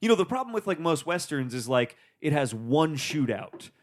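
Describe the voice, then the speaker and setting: A man's voice: fairly high pitch, sing-song, moderate pace. A man co-hosting a casual movie chat, explaining his views eagerly. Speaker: podcast co-host.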